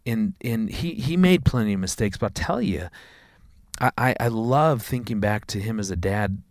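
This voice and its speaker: A man, a father of four, telling a personal story in a conversation, earnest and halting, often repeating words. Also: on the low side, expressive, no room sound, studio quality.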